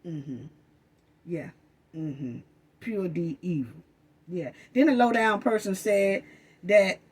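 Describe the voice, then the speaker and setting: A woman's voice: medium pitch, darkish tone, husky. A woman delivering an impassioned commentary rant, emphatic and accusatory, hammering the same phrases over and over. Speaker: commentary vlogger.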